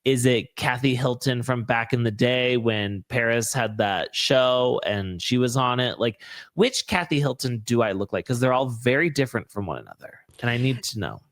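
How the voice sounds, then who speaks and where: A man's voice: mid-range voice, animated, moderate pace, dry recording, studio quality. A man hosting a podcast, chatting casually about reality TV with lots of fillers and playful asides. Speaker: podcast host. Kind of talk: casual chat.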